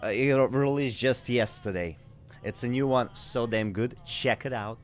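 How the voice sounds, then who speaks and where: A man's voice: mid-range voice, moderate pace. A man giving casual let's-play commentary, chatty and easily amused. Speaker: game streamer. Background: faint game music.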